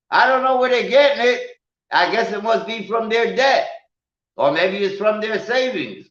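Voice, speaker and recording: A man's voice: sits high, animated, unhurried, a bit bright. A man hosting a televised finance lesson, speaking emphatically and addressing his audience directly. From United States. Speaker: finance show host and teacher. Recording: roomy, dull lo-fi sound.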